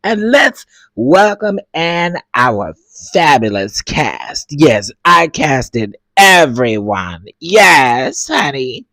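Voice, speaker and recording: A man doing an impression of a pompous male reality-show host who stretches out every phrase in a slow, grand drawl. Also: a little high, big pitch swings, sharp tone, no echo, exaggerated voice. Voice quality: slow drawn-out emphatic delivery.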